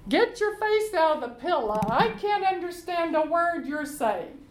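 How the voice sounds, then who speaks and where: A woman's voice: very high voice, animated, a little slow, roomy sound. A woman voicing a coaxing scheming queen. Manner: sweet, coaxing, indignant on his behalf. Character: scheming doting adult queen, coaxing wife.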